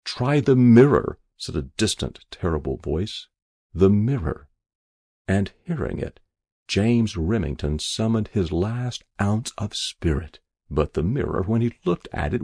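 Slow, husky male storyteller. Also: low voice, no room sound, clean studio sound. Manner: expressive storytelling. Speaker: narrator. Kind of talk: audiobook reading.

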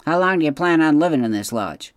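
A man's voice: fairly high pitch, expressive, fast, no room sound, clean studio sound, voice pushed up, natural voice. Man doing a stubborn grumbling beaver dad. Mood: grumpy. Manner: gruff, muttering, grudging.

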